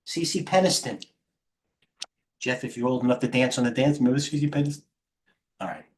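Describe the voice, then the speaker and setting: A man's voice: medium pitch, fairly quick. A middle-aged man hosting a live trading stream, tired, rambling off the cuff as he jumps between stock tickers. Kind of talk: live market commentary.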